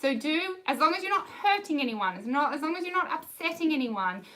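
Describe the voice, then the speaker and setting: A woman's voice: high voice, big pitch swings, fairly quick, sharp tone, poor audio. An Australian woman, a riding coach, answering viewer questions on a live stream in a bubbly, upbeat way and laughing often.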